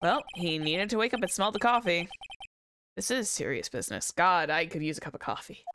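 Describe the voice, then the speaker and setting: Bright-voiced woman joking through a game. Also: fairly low pitch, fairly quick, a little hiss or hum. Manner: rambling, joking, swears. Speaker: VTuber streamer. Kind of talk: casual game commentary.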